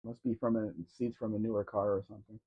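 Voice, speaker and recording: A man's voice: on the low side, little pitch movement, quick pace, husky. Offhand man chatting on a lo-fi stream. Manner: offhand, musing commentary on cars. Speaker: live stream co-host. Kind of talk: casual live Q&A chat. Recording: dull lo-fi stream audio.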